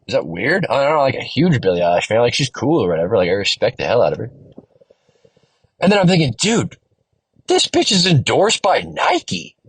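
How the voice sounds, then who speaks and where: A man's voice: medium pitch, breathy edge, dry recording, poor audio. A young man hosting a solo podcast, rambling through a profane, slangy story with lots of animation. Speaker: podcast host. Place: in a car.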